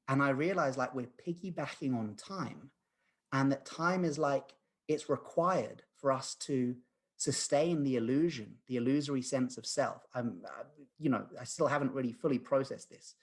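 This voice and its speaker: Husky earnest man in his thirties. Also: medium pitch, moderate pace. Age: 30s. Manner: earnest, rambling, many fillers and restarts. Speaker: guest, lucid dreaming practitioner. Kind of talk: podcast conversation, storytelling.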